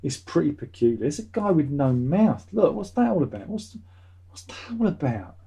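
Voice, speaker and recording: A man's voice: fairly high pitch, very animated, moderate pace, gravelly, mellow, slightly rough. A man hosting his own vlog, chatting in a meandering way and swearing casually. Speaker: vlogger, channel host. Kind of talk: rambling casual chat.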